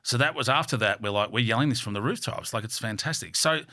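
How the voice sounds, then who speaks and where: A man with an Australian accent tells candid, animated stories as a studio interview guest. His voice is bright and forceful, and he speaks bluntly with plenty of swearing. The sound is dry and close, with no room echo. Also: medium pitch, fast. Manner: blunt, swears freely, animated with vivid metaphors. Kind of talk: candid storytelling in a podcast interview.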